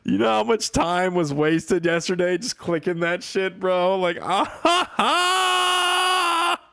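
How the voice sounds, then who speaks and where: A man's voice: sits high, unhurried, vocal fry, no echo, studio quality. A young man chatting with his viewers while streaming a game, swearing, laughing in bursts and getting worked up. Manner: excitable, swears a lot, laughs in bursts, talks to chat. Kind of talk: live gaming stream chat.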